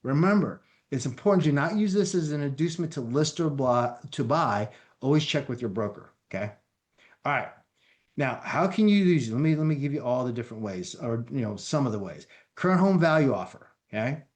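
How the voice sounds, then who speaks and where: A man giving an energetic training presentation as a company founder, talking directly to his audience. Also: mid-range voice, fairly quick. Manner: energetic, addresses audience as folks.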